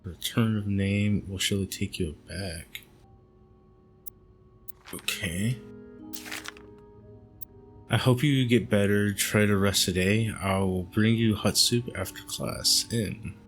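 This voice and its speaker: A man hosting a game playthrough, reading in-game letters aloud in a calm, measured way with the occasional aside. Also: lowish voice, soft background music. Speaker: gaming channel host.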